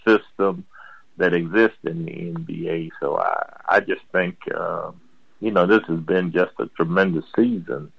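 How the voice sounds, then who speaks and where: An older man and former basketball player, answering interview questions slowly, with many pauses and fillers, on a dull lo-fi recording. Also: low-pitched, vocal fry, fairly bright tone, no room sound. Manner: slow, halting, with many fillers. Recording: dull lo-fi sound.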